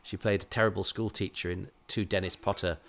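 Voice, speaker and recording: Man, middle-aged, English RP accent, fairly low voice, casual rambling commentary, lots of fillers and false starts. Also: steady tone, brisk, gravelly, a bit bright. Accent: English Received Pronunciation. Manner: rambling, many fillers and restarts. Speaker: podcast host reviewing a TV episode.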